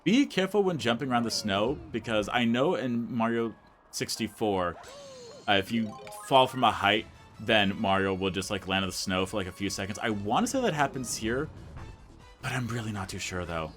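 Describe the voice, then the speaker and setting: A young man with a lowish voice chatting loosely over his gameplay, rambling as he goes and filling nearly every sentence with "like". It is relaxed let's play commentary with faint game music under him. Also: normal speed.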